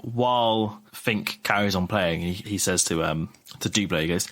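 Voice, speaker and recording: A man narrating scenes in a loose, excited improvised role-play. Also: sits low, moderate pace, few pauses. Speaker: podcast guest.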